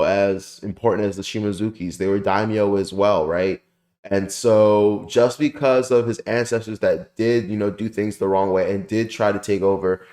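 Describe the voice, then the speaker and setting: A young man hosting a casual review channel, rambling excitedly with lots of fillers and the odd swear word. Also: fairly low pitch. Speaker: anime review channel host. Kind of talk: casual spoken manga chapter review. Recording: roomy echoey room.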